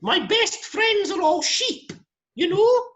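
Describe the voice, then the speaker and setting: A man's voice: very high voice, big pitch swings, slow pace, fairly bright tone, slight background noise, pitched above the performer's own voice, exaggerated voice. A Scottish man putting on a silly old-film Scotsman caricature in a mocking, sing-song voice.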